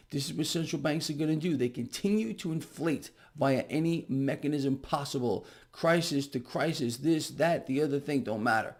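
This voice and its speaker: A middle-aged man doing a casual market commentary vlog to camera, sarcastic and animated, mocking officials with sudden outbursts. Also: fairly high pitch.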